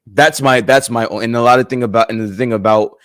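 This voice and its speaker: A man co-hosting a casual livestream chat, relaxed and thinking aloud with lots of fillers. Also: medium pitch, quick pace, no echo, studio quality. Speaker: podcast co-host.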